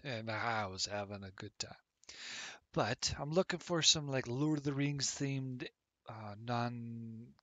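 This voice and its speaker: A man's voice: medium pitch, fairly bright tone, no echo. A man talking casually as a game streamer in a rambling, chatty way with plenty of fillers. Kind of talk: casual gaming commentary.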